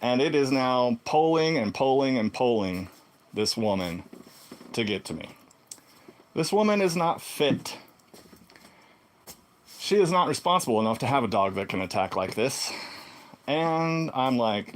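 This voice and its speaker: A man telling a personal story in a casual vlog monologue, swinging between loud exclamations and low muttered asides. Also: lively intonation, unhurried, long pauses, slight background noise. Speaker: vlogger.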